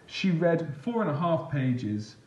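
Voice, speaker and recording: Guy reading a kids book out loud, slow and gentle, kinda higher voice. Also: big pitch swings, roomy sound, dull audio. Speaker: storyteller. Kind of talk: reading a picture book aloud.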